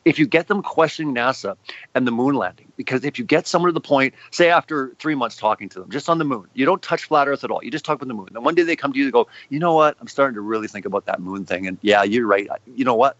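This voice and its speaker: A man, a guest filmmaker, talking in a casual interview and telling animated stories with quoted exchanges. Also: mid-range voice, no echo, muffled recording. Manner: fast, animated storytelling with acted quotes.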